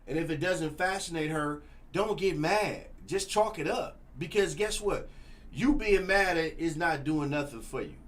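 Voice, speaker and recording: Animated man with a preachy casual voice. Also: a little high. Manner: preachy, animated, repeats "you know what I'm saying". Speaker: show host. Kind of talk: casual opinion talk.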